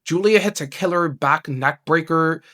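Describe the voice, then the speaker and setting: A man giving an excited, rambling wrestling review, full of "like" and restarts. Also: fairly high pitch, moderate pace. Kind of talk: casual show review.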